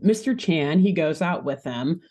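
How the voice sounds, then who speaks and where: A woman's voice: low voice, expressive, a little slow, dark tone. A woman co-hosting a podcast, recapping a cartoon episode in a casual, chatty way and laughing often. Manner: giggly, frequent laughter while recapping; chatty, with many "like" fillers and restarts. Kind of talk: casual chat and story recap.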